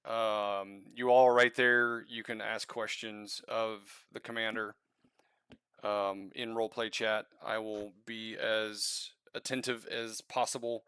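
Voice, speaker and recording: A man leads a tabletop game as dungeon master, narrating scenes and speaking for the figures his players meet. He talks in a relaxed, halting way with many fillers. His voice is bright and crisp, and the recording is dry and close. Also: lowish voice, dry recording.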